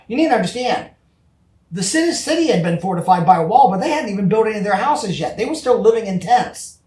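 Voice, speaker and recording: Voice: medium pitch, darkish tone. A pastor giving a conversational sermon, earnest and emphatic, often asking the congregation for agreement. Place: church. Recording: echoey church from far off.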